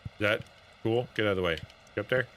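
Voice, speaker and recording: A man's voice: on the low side, fast talker, fairly bright tone, a little hiss or hum. A man streaming a game, giving playful, jokey live commentary and talking to his chat. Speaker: streamer and pastor.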